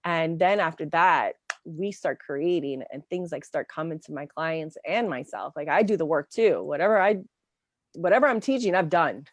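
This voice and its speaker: A woman's voice: deep voice, moderate pace, dry recording. A woman career coach chatting casually in an interview, telling stories with lots of "like" and "um" fillers. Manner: animated storyteller, many fillers like "like" and "um".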